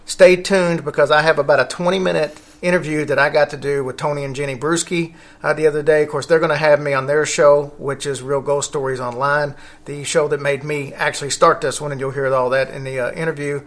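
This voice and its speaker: A man's voice: on the high side, level tone, a little fast. A man hosting a casual podcast, rambling along with fillers and self-corrections. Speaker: podcast host.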